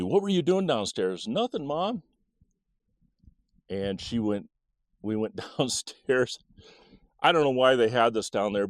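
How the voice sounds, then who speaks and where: A man's voice: low voice, no echo. Older man telling a childhood story. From Michigan, USA. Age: 60s. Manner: halting, with many "uh" fillers and soft chuckles. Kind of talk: casual personal storytelling.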